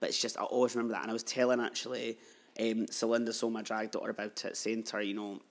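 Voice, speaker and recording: A podcast host in his thirties tells a personal story, chatty and heartfelt with plenty of asides. His voice is lowish, flat in delivery, and quick.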